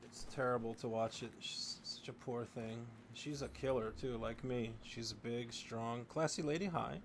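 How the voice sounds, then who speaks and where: A man streams a video game and rambles on to his chat, cursing freely and drifting from story to story. His voice sits at an ordinary, mid-range male pitch. A soft hiss of noise runs under the recording. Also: steady tone, unhurried. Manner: rambling, profane, talking to chat while playing. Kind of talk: casual live-stream chat.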